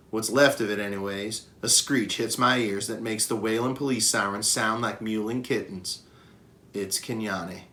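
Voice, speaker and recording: A man reading a children's novel aloud with expressive narration. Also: mid-range voice. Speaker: reader. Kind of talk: storybook read-aloud.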